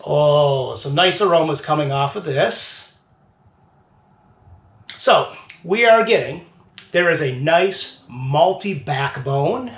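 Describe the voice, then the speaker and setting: Playful higher-voiced man reviewing beer. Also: animated, roomy sound, a little hiss or hum. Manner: playful, drawn-out tasting commentary. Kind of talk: casual tasting review.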